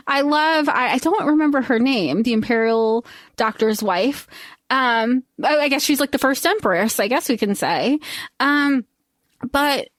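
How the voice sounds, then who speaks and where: A woman with a bright, high voice retells a film plot for a podcast in a loose, casual chat. She slips into little character voices and swears offhandedly. The sound is close and dry. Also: dry recording. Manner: animated, acts out characters' lines in quick voices, swears casually. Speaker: podcast co-host.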